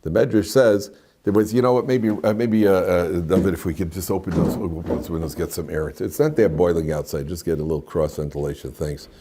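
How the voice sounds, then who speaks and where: Speaking in a low, steady, warm voice at a fairly quick clip, an older rabbi leads a relaxed Torah lesson for a classroom of students. He wanders off on asides and often starts sentences over. Slight background noise is audible.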